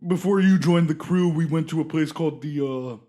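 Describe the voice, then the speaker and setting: A man's voice: on the high side, brisk, warm tone, close to an everyday voice. A man voicing a dim-witted male jock adventurer who hosts a talk show in character, rambling, goofy and hesitant during tabletop role-play.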